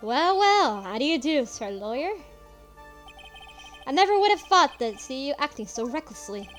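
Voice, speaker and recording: Pompous gentleman detective for a game read by a woman; condescending, high-ish, animated. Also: moderate pace, soft background music. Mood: smug.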